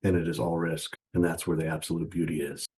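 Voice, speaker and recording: Brief: low-voiced male host, mocking and profane, lectures viewers he calls traders. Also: little pitch movement, fast, darkish tone, a little hiss or hum, rough recording. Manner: scornful and profane, laughs at his own jabs; keeps calling the viewer traders. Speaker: trading channel host. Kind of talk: mocking motivational rant to the viewer.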